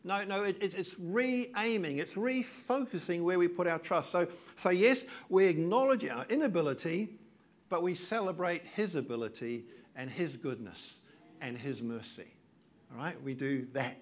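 A man's voice: high voice, lively intonation, normal speed. An older man preaching a sermon as pastor, earnest and emphatic, repeating key phrases.

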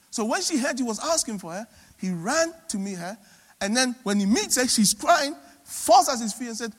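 A high-voiced male preacher with a very lively, swooping delivery. He rises to loud, emphatic peaks and drops to soft, low asides. His voice rings out with long reverb, as if in a large church hall. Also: normal speed. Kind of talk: sermon.

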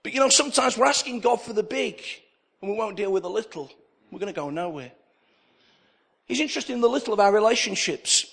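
A man's voice: sits high, animated, brisk, creaky, fairly bright tone, husky. A middle-aged male pastor preaching a sermon, telling stories with acted-out dialogue and repeating key phrases for emphasis. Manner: storytelling preacher who acts out dialogue in anecdotes.

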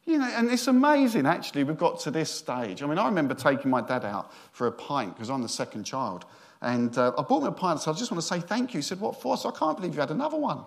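A man's voice: fairly high pitch, very animated, fast. A middle-aged man, a senior minister giving a sermon in a chatty, joking storytelling way.

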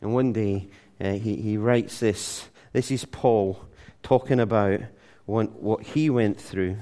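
A man preaching a sermon, emphatic and animated, telling stories with frequent restarts. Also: on the low side, slow. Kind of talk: sermon with storytelling.

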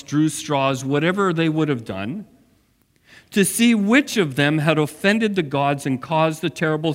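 Male pastor, animated sermon delivery, slightly high voice, echo of a big hall. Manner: dramatic storytelling with asides to the congregation.

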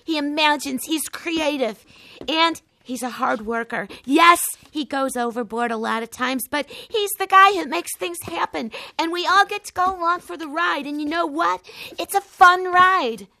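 A sensible girl lizard who talks earnestly and presses for the truth. Her voice is high and dry, close to the mic, in a cartoon. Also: normal speed, bright, forceful tone, no room sound. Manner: earnest, firm and probing.

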